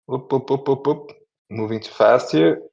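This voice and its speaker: A man's voice: medium pitch, normal speed, gravelly, a little mellow. Chatty man hosting on dull lo-fi audio. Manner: chatty, rambling, self-correcting, laughs often. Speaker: host of a community audio event. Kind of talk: casual chat and introduction.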